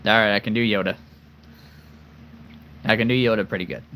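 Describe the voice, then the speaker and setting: A man's voice: lowish voice, steady tone, a little fast, bright, forceful tone, slight background noise. A man chatting casually to camera about the voices he can do, playful, rambling and self-deprecating. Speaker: voice performer showing off voices.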